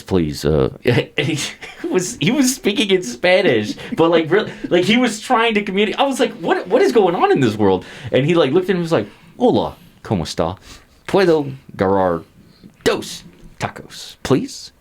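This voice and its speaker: A man's voice: fairly high pitch, a little fast. A man co-hosting a podcast, telling stories casually and acting out other people's lines. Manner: animated, acts out voices in stories. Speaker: podcast co-host. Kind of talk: casual storytelling chat.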